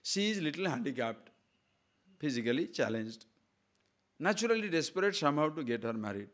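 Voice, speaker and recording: A man's voice: a little high, big pitch swings, brisk, a bit bright. A man, a spiritual teacher giving an emphatic discourse on scripture and posing frequent rhetorical questions.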